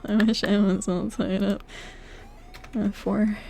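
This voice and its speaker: A young woman streaming live, chatting casually with her viewers, playful and laughing, swinging between loud outbursts and quiet mumbling. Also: medium pitch, fairly even intonation, takes it slowly, vocal fry, slight background noise. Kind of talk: casual live-stream chat while playing games.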